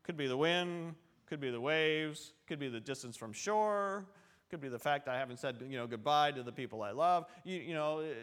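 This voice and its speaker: A man preaching a relaxed, conversational sermon in a church, telling stories and talking straight to the congregation. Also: a little high, moderate pace. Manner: chatty and storytelling, with asides to the congregation. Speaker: pastor. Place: church sanctuary.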